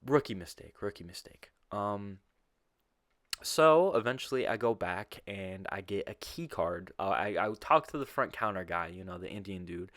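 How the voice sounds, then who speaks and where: Animated young man telling a story. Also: low voice, normal speed, no echo, studio quality. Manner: animated, profane, mimics voices. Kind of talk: casual personal storytelling.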